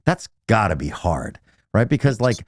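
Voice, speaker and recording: A man's voice: fairly low pitch, big pitch swings, moderate pace, no room sound, studio quality. A man hosting a podcast, asking long, reflective questions in a casual, rambling way and checking in with "right?". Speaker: podcast host. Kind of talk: casual interview chat.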